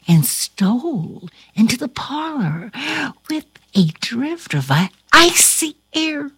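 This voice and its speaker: Woman, storybook reading, high voice, slow and wildly expressive, theatrical whispers and cries. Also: slightly rough, no room sound. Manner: chatty asides to her listener.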